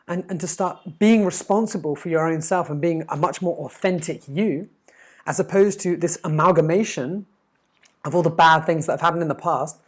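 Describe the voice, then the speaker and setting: A man giving an earnest, emphatic motivational talk as a life coach, with quick stammered restarts. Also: fairly high pitch. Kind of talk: motivational monologue.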